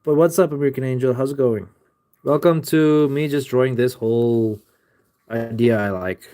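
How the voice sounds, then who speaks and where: A man in his forties hosts a relaxed drawing stream, welcoming chat viewers one by one. His voice is mellow and warm in tone, sitting at an ordinary middle pitch. He talks loosely and often trips over his words. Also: normal speed. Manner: chatty, stumbles over words. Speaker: live streamer drawing sketches. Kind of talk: casual live-stream chat greeting viewers.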